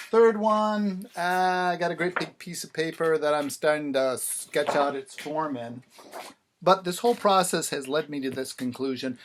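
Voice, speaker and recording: A man with a higher-leaning voice vlogs casually about crafting lyrics, his tone wry and sarcastic and peppered with mock-dramatic repetitions. There's a slight hiss or hum behind him. He's a songwriter filming himself.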